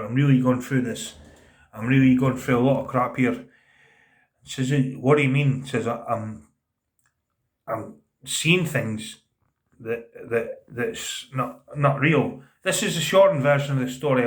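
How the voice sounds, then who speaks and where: Earnest man in his thirties, halting. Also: mid-range voice. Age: 30s. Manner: earnest, halting, repeats words, often drops into a quiet voice for quoted speech. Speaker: vlogger telling a personal story. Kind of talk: casual spoken storytelling.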